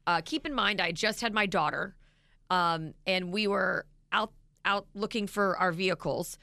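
A woman co-hosting a morning radio show, reading listener texts aloud in an animated, laughing way. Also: medium pitch, measured pace, gravelly, no room sound. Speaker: radio co-host.

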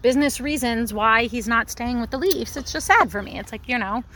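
A chatty woman from Toronto co-hosting a podcast, her voice sitting a little high. She talks loosely, full of fillers and quick reactions. A clear hiss of noise runs under the recording. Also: lively intonation, bright, forceful tone. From Toronto, Canada. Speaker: podcast co-host. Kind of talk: casual chat.

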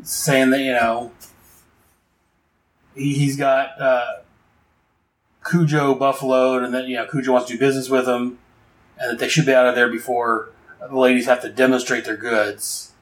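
A man's voice: mid-range voice, little pitch movement, normal speed, pauses often, roomy sound, poor audio. Man, comic book reviewer, casual recap, rambling, lots of fillers. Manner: rambling, fillers, enthusiastic asides.

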